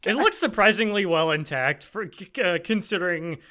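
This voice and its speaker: A man's voice: high voice, lively intonation, normal speed, sharp tone. A man co-hosting a casual anime recap, laughing often and acting out characters. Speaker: podcast co-host.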